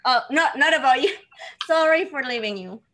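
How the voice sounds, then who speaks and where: A woman's voice: high voice, lively intonation, moderate pace, fairly bright tone. A woman hosting a livestream, chatting casually and greeting viewers by name with a giggly manner. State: nervous. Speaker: livestream host. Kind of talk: casual chat.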